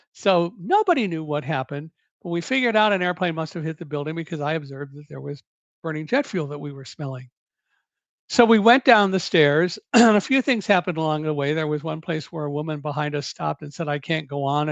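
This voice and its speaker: An older man recounts his story in a measured, deliberate manner, now and then correcting himself as he goes. His voice sits a bit high for a man. The sound is dull and dry, like a lo-fi recording. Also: no echo. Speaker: guest recounting a survival story. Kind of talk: storytelling interview.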